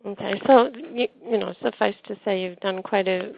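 A woman's voice: medium pitch, steady tone, normal speed, creaky, dull audio, a little hiss or hum. A woman from Canada with a Canadian accent, hosting a radio talk show in a chatty, teasing manner. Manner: chatty, teasing, laughs easily. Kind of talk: casual interview talk.

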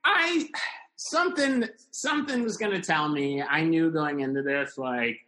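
A man hosting a podcast in casual chat, reacting with short quips and musing in a lower, relaxed tone. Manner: laid-back listener, quick short reactions, drops low when musing.

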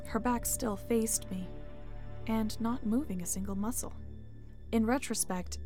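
A woman telling a first-person story in a calm, measured narration. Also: fairly high pitch. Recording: music bed under the voice.

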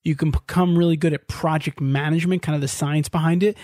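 A man hosting a podcast, asking questions and summarizing points in a clear, friendly way. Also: a little high, fairly even intonation, fast talker, darkish tone, no room sound, studio quality. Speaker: podcast host.

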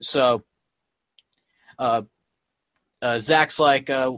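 A man's voice: mid-range voice, steady tone, normal speed, fairly bright tone, dry recording. Man rambling through a casual recap. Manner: rambling, filler-heavy retelling with many "like" and "um". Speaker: podcast host. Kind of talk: casual chat recapping a comic.

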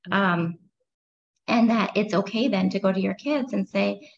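A woman parent coach, a guest on a podcast interview, speaking in an animated way and acting out little scenes. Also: medium pitch, measured pace, gravelly. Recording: slightly muffled with faint background noise.

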